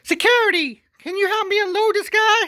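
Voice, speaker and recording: A man voicing a scheming woman zoo owner in a shrill, whiny falsetto. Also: a little fast, pushed and bright.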